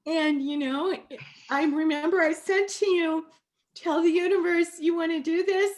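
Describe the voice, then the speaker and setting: A high-pitched woman hosts a masterclass on a video call. She talks affectionately and emotionally, calling the listener sweetie and honey. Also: steady tone, unhurried. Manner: warm, affectionate, tearful at times. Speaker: masterclass host. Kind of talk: live video call talk.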